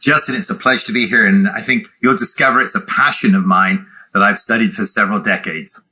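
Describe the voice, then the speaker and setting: Older British man with husky bright voice. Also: on the low side, fairly even intonation. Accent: British, softened West Country and Midlands, some North American. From England. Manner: measured, self-deprecating, explanatory. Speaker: guest, sales consultant. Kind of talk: podcast interview.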